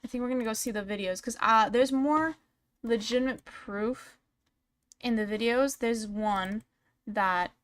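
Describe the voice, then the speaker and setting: A woman's voice: on the high side, unhurried, smooth. A woman commenting casually on a stream, reading messages aloud and reacting bluntly, with frequent swearing.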